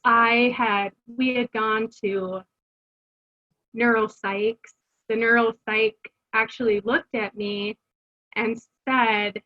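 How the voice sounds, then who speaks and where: A woman's voice: a little high, steady tone, takes it slowly, highs cut off. A middle-aged woman telling her family's story as an interview guest, earnest and conversational, with fillers and restarts. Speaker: guest, homeschooling mother. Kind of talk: candid personal storytelling.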